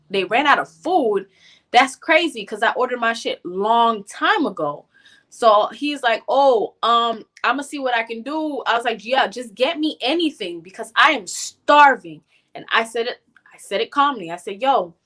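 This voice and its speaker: A woman co-hosting a podcast, talking casually and profanely as she tells a story in an animated way. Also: fairly high pitch. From North Miami. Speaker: podcast co-host. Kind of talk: casual chat.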